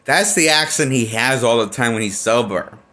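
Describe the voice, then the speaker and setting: A man's voice: medium pitch, moderate pace, bright, forceful tone. A man giving a casual film review as a movie critic, blunt and profane, rambling and restarting his sentences often.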